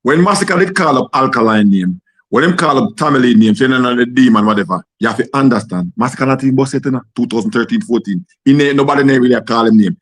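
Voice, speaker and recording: A man's voice: medium pitch, quick pace. A Jamaican man hosting a casual talk discussion, rambling through a history with many repeated words.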